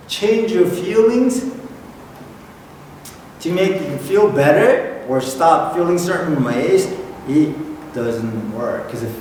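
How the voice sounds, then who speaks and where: A middle-aged Korean-accented man preaches slowly and deliberately, pausing to ask "okay?" after each point. His voice is caught from a distance in a big, echoing hall, with a long reverb tail and steady room noise under it. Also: a little high. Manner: repeats key points and checks in with "okay?". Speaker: pastor. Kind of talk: sermon. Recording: echoey hall from far off, noisy room.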